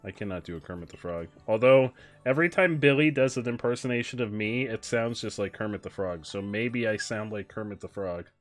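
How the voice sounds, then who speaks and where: A young man streaming a game, chatting casually, switching between muttered asides and loud excited outbursts. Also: lowish voice, fairly quick, soft background music. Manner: excitable, shifts from mumbling asides to loud exclamations. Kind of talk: casual live-stream commentary while gaming.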